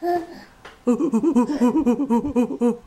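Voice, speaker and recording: A woman talking baby talk to a toddler, coaxing in a slow sing-song voice and imitating animal sounds. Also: on the high side, warm tone, a little hiss or hum.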